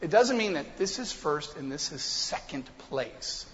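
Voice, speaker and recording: A middle-aged man preaching a sermon in a church, swinging from quiet asides to loud, fired-up emphasis. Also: on the high side, sing-song, unhurried. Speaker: pastor. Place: church sanctuary. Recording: long hall reverb, dull lo-fi sound.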